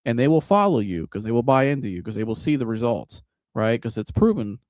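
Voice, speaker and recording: A man hosting a live sports reaction show, talking in an animated, casual, joking way with some swearing. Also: mid-range voice, brisk, dry recording, clean studio sound. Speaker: sports podcast host.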